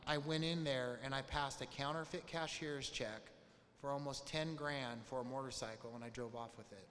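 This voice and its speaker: A man's voice: fairly high pitch, a bit bright. A man candidly telling a personal recovery story to a group, with frank, profane speech and lots of quoted dialogue. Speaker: speaker sharing a recovery story. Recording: long hall reverb, faint noise.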